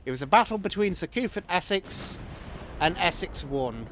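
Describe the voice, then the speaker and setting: A man's voice: sits high, animated, normal speed, fairly bright tone, a little hiss or hum. A man streaming himself playing a strategy game, chatting and reacting aloud to the battle as it unfolds. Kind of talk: live game commentary.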